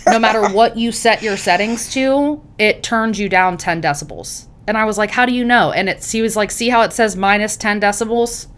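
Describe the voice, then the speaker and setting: Woman, podcast co-host, casual chat, loud, profane, animated storyteller. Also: medium pitch, normal speed, hardly any pauses.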